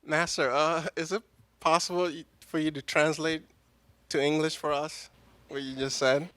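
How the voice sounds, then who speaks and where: Man, disciple; reverent, deferential questioner; pitch a little high. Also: little pitch movement, normal speed, fairly bright tone. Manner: reverent, addresses the teacher as master.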